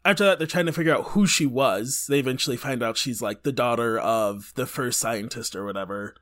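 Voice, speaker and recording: A man's voice: medium pitch, brisk, a bit bright. A man chatting casually as a podcast guest, rambling through fillers and tangents. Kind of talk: casual chat.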